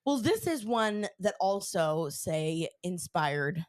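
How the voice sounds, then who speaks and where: A woman's voice: on the low side, slow, no echo, studio quality. Chatty young woman podcast host. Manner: chatty, lots of "like" fillers, excitable. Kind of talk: casual storytelling chat.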